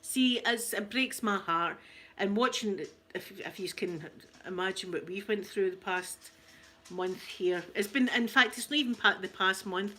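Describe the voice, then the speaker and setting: A woman's voice: medium pitch, a little slow, bright, forceful tone, faint music behind. A middle-aged Scottish woman hosting an ASMR channel, chatting casually and telling family stories, often laughing and acting out quoted voices. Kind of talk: casual storytelling chat.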